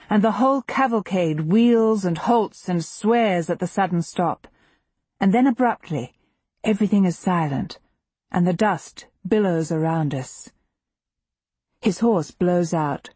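A woman narrating a historical novel in the first person, in a measured, intimate and emotionally expressive reading. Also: fairly low pitch, breathy edge, no room sound. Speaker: audiobook narrator.

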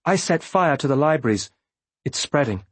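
A fierce, scarred young girl who speaks bluntly and with urgency, as a man puts her on. The voice is lifted above his own and has a husky edge. It comes across dry and close, like a storybook reading. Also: a little high, lively intonation, moderate pace, dry recording. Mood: quiet, urgent.

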